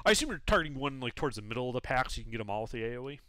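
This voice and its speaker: A man's voice: mid-range voice, sing-song, very fast, bright, forceful tone, no echo. A man narrating as game master of a tabletop game, talking casually and explaining rules with fillers.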